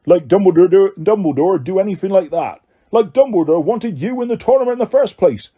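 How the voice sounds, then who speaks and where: A man doing a gruff hot-tempered giant gamekeeper. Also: high voice, lively intonation, a little fast, warm tone, pitched above the performer's own voice. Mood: angry. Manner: rough, blunt, rustic speech.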